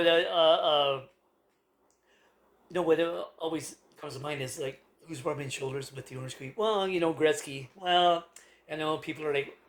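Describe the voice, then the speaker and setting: Canadian man, fairly high voice, loose rambling rant with lots of ums and laughs. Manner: rambling, many fillers and restarts, frequent laughter. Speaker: political commentator. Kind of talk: casual rant to camera.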